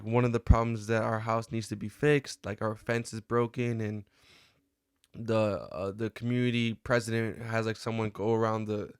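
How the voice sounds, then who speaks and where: A young man vlogging a personal reflection, talking in a halting, earnest way with many restarts and fillers. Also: mid-range voice, smooth, dry recording, clean studio sound.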